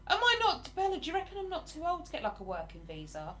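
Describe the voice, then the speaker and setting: A woman's voice: very high voice, huge pitch swings, fast, a bit bright, slight background noise. An English woman in her forties, chatting casually with viewers on a livestream and answering their comments. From England. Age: 40s. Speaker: livestream host.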